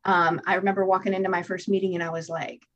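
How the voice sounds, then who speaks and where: A woman guest telling her own recovery story in an interview, candid and animated, swearing freely and acting out what she told herself. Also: on the low side, quick pace, lo-fi sound. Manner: candid, animated storytelling with profanity and acted-out inner voices. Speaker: podcast guest.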